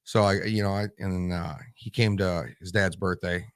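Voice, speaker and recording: Blunt, profane low-voiced man. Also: steady tone, normal speed, dry recording, studio quality. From Michigan, USA. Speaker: guest, Marine veteran. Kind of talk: casual interview storytelling.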